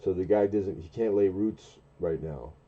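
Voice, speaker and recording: A man in his forties telling a long, rambling story on a casual late-night stream, often stopping and restarting mid-sentence. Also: phone-quality sound. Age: 40s. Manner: rambling, halting, with many restarts and fillers; acts out quoted dialogue in a much higher, louder voice. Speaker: livestream host.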